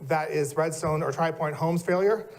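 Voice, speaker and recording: A man's voice: a little high, normal speed. A middle-aged man giving an earnest, emotional public comment at a city planning meeting. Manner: earnest, emotional, listing his civic roles. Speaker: resident speaking at public comment.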